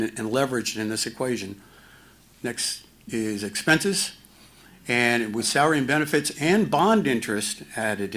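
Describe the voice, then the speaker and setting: Man presenting at a town hall, mid-pitched voice, halting delivery, dry humor. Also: a bit bright. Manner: halting, many fillers and restarts; dry self-mocking humor. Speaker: finance officer at a town hall.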